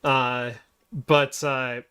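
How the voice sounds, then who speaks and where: A man co-hosting a casual tech podcast, chatty, with halting restarts. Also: medium pitch, level tone, bright, forceful tone, smooth. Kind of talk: casual chat.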